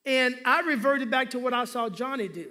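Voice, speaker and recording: A man's voice: very high-pitched, moderate pace, pushed and bright. A male pastor preaching a sermon, telling humorous stories and calling for responses from the congregation.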